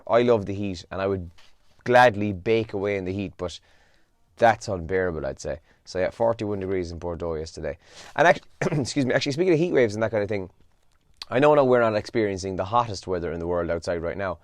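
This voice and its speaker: A man's voice: deep voice, a little fast, no echo. A young man hosting a breakfast radio show alone. He runs through the weather and the morning papers in a casual, chatty way, tired and yawning. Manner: casual and chatty, with yawns and asides. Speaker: radio host. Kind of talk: solo breakfast show, reading newspaper headlines.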